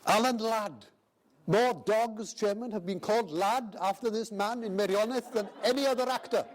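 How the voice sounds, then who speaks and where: An older man with a Welsh accent giving an anecdotal festival speech, pausing often with fillers and addressing the chairman. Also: sits high. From Wales. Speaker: speaker. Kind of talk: after-dinner speech. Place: festival hall.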